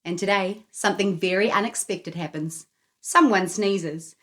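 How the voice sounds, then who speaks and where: A woman reading a picture book aloud to children in an expressive, sing-song, inviting way. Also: medium pitch, measured pace. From New Zealand. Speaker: children's storyteller. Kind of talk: read-aloud storytime for children.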